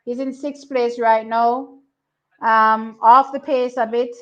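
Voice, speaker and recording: A young woman giving casual live commentary on a track race, excitable and repeating herself as she thinks aloud. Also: a little high, slow. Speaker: track and field watch-along host. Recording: slightly muffled lo-fi audio.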